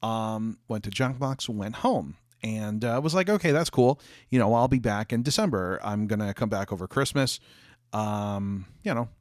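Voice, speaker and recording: A man's voice: on the low side, normal speed, no room sound, studio quality. A young adult man chatting casually with viewers on a livestream from his office, rambling with lots of fillers and restarts, coughing and hiccuping.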